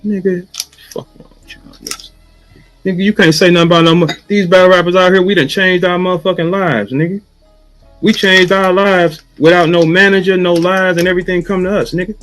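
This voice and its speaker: A man from St. Louis, a battle rapper, in a heated rant full of swearing, taunting his target and mimicking a flat chant. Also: sits high, fairly quick, soft background music, rough recording. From St. Louis, USA.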